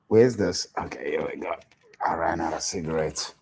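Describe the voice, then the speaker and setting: A man's voice: low-pitched, normal speed, a little mellow, slightly rough. A South African man hosting a reaction show, joking and laughing in loose casual commentary. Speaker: host.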